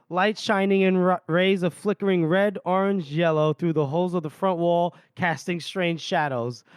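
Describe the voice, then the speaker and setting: On a dry recording, a podcast host retells a fantasy novel chapter casually, reading passages aloud and lightly voicing characters as he laughs often. His voice is fairly high, clear and resonant.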